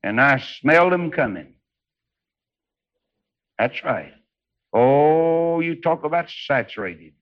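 A man preaching a revival sermon, swinging between hushed storytelling and high, shouted exclamations. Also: expressive, slow, pauses often. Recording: dull lo-fi old sermon recording.

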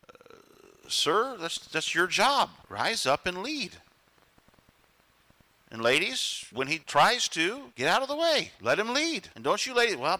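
Bright-voiced preaching man. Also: a little high. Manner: animated preaching, acts out quoted voices. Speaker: pastor. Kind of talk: sermon. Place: church.

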